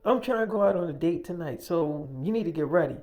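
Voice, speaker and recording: A man's voice: fairly high pitch, animated, quick pace, a little mellow. A man voicing an easygoing young boyfriend on a phone call in an improvised audio story.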